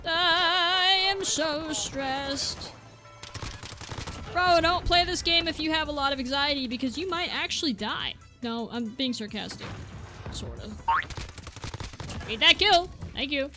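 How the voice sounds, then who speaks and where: A woman giving excitable live commentary while playing a shooter game, often apologizing and joking about herself, with game music and gunfire behind her. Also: high voice, moderate pace. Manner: excitable, exclaiming and apologizing a lot; self-deprecating joking. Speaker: gaming video creator. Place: at home, seated at a gaming desk.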